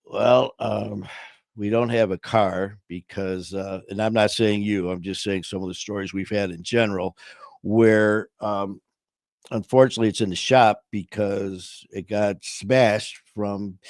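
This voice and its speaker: A man's voice: lowish voice, creaky, a little mellow, no echo, clean studio sound. A man hosting a livestream, chatting casually in a rambling, informal way full of fillers. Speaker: livestream host.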